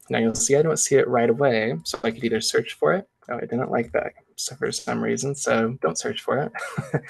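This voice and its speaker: Gravelly man walking through a software demo. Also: mid-range voice. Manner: casual step-by-step walkthrough, chatty asides. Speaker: presenter.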